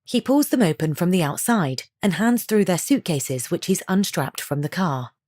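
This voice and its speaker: A woman reads a story aloud with steady, descriptive narration. Her voice sits low, and the recording is dry, with no room sound. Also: moderate pace, no room sound.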